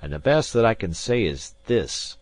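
A man voicing a proud, fiery Jacobite gentleman in an audiobook, speaking forthrightly with a raised voice. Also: lowish voice, sing-song, normal speed, dry recording, pitched above the performer's own voice. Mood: earnest.

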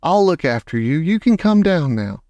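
A man's voice: fairly high pitch, sing-song, moderate pace, a little mellow, dry recording, muffled recording, voice pushed up. A man reading a storybook aloud, voicing a protective elderly grandmother who speaks firmly and reassuringly. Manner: firm, reassuring.

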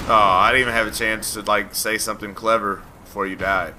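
A man's voice: on the low side, flat delivery, fairly quick, few pauses, pushed and bright, slight background noise. A man hosting a let's play, rambling, teasing and talking back to the game as he plays. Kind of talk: joking gameplay commentary.

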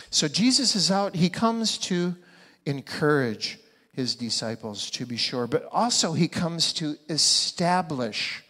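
A male pastor preaches slowly, spacing out every phrase, with a voice pitched a little above the usual. He keeps putting rhetorical questions to his congregation and leans hard on his key words. His voice rings out in a church sanctuary with a long reverb. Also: fairly bright tone. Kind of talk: sermon.

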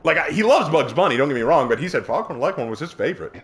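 A man's voice: on the high side, very fast. A man with a Southern US accent chatting casually on a game stream and telling stories. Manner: animated, chatty storyteller. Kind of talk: casual stream chat and storytelling.

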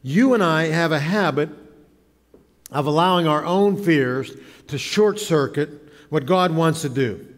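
A man's voice: on the high side, a little slow. A man preaching a sermon as pastor, dramatic, acting out the voices he quotes. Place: church sanctuary. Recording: church hall reverb.

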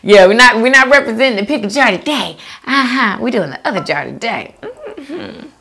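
A young woman hosts a food video and chats casually while she reads out comments from her viewers. Her pitch swings widely and brightly from low murmurs up to high squeals. She laughs often and talks in easygoing slang. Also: big pitch swings, normal speed, slight background noise. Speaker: mukbang host reading viewer comments. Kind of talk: casual chat reading out comments.

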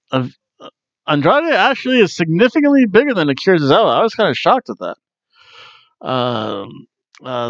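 A man's voice: a little high, dry recording, dull audio. A man hosting a wrestling review, chatting casually in a jokey way with frequent ums. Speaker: wrestling review podcast host.

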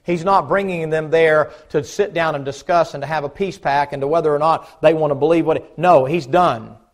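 Man, pastor, slightly high voice, dramatic sermon that jumps from yelling to low sarcasm. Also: a little fast. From United States. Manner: dramatic, swings from shouting to mocking mutters. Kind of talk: fiery sermon. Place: church sanctuary.

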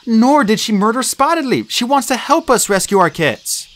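A man's voice: extremely high pitch, sing-song, moderate pace, fairly bright tone, pitched above the performer's own voice, exaggerated voice. A man doing an urgent young tom cat. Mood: earnest. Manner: urgent and earnest. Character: young eager male apprentice cat, brave.

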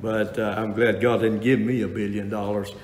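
A man's voice: fairly low pitch, level tone, moderate pace, darkish tone. Folksy male pastor preaching in a reverberant hall. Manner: folksy storytelling with many restarts and fillers; rises to emphatic preaching when reading scripture. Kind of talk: sermon.

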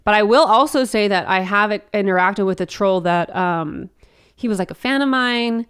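Animated swearing woman comedian. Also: moderate pace, clean tone. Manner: swears freely, acts out quotes in high animated bursts. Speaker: comedian guest. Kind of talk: casual podcast chat.

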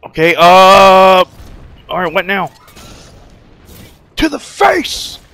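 A man giving excited, jokey commentary as he plays a video game, swearing, yelling and chanting through the fights. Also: high-pitched, extremely slow, no echo, faint music behind. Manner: loud, jokey, swears a lot, yells and chants during fights. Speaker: gaming streamer.

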